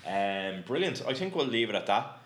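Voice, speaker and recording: A male podcast host with a very low voice that still sounds crisp and bright. He chats casually, cracks jokes and swears freely. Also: sing-song, normal speed. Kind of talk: casual chat.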